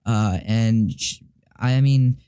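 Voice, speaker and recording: A teenage boy telling a personal story to camera, rambling and halting, with many restarts, fillers and casual swearing. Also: on the low side, dark tone, clean tone. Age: teens. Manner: confused and frustrated, swears casually. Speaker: vlogger.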